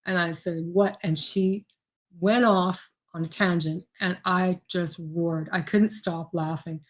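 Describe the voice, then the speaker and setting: A woman's voice: fairly low pitch, steady tone, a little slow. A woman co-hosting a casual chat show, telling animal stories and laughing through them. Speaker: co-host.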